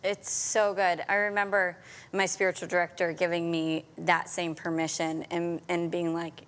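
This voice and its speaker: Female host, lower voice, affirming and reflective in conversation. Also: level tone, moderate pace, a bit bright. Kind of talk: conversational interview.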